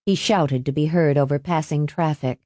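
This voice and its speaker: A woman reading a novel aloud in a measured, expressive narration. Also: sits low, no room sound. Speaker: audiobook narrator. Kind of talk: scripted narration.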